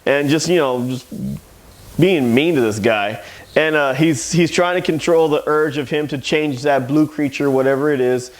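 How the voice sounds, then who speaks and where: A man with a slightly higher-than-usual voice hosts a laid-back comic review. He retells plots in a loose, rambling way, circling back as he goes. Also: normal speed. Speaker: comic shop owner and host. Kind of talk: casual comic book review.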